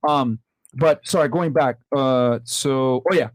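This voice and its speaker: A man hosting a podcast in casual, animated chat, slangy and profane. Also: medium pitch, measured pace, no room sound. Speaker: podcast host.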